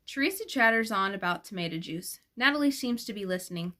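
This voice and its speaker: A woman's voice: mid-range voice, lively intonation, fast, bright, forceful tone. Woman reading a novel aloud. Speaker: audiobook reader. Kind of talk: first-person audiobook narration.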